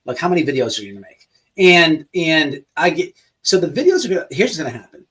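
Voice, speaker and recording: A man's voice: on the high side, animated, fast talker, a bit bright. Mocking man heard from a distance. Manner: mocking, rambling. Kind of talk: casual livestream chat. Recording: voice distant from the mic.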